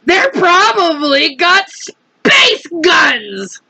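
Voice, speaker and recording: A woman's voice: very high-pitched, big pitch swings, drawn-out words, no echo, voice pushed up, exaggerated voice, rough recording. A woman voicing a blustering male chief of police in a storybook, barking orders. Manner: bossy, shouting orders.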